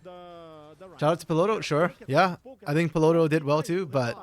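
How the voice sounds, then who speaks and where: Hoarse male co-stream caster; excitable, jokey, loose. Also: on the high side, moderate pace. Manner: excitable, joking, rambling. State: hoarse from yelling. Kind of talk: casual live-stream commentary.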